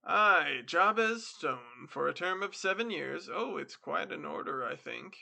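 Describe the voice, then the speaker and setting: A man reading the part of a polite, sly male devil who deals in souls, with a smooth, mocking courtesy. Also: on the high side, lively intonation, a little slow, sharp tone, full character voice.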